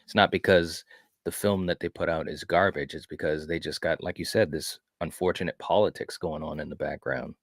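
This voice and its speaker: Deep-voiced man in halting movie chat. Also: steady tone, no room sound, clean studio sound. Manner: halting, many restarts and filler words. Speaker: guest co-host.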